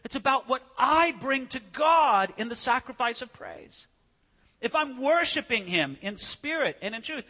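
A man's voice: high voice, sharp tone. A man preaching a sermon in a conversational way, with rhetorical questions and acted-out scripture. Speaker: pastor. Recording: reverberant church hall.

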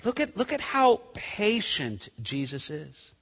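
A male pastor preaches an animated, conversational sermon and acts out scenes as he goes. His voice sits high, swings widely in pitch and sounds bright with a husky edge. Long reverb trails his words through a church sanctuary. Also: slow. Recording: long reverb of a large hall.

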